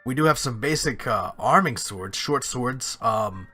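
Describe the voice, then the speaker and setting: A chatty, friendly dwarf merchant, as a game master puts him on stumbles along with lots of uhs and ums. The voice is bright and forceful, and soft music plays faintly underneath. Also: male voice, medium pitch, expressive, measured pace. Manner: rambling, full of uhs and ums.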